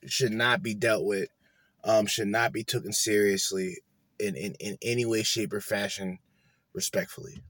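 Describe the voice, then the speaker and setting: A man's voice: fairly low pitch, moderate pace, a bit bright, no echo. A man hosting a podcast, ranting bluntly and swearing a lot as he reacts to clips. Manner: blunt, profane, dismissive. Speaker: podcast host.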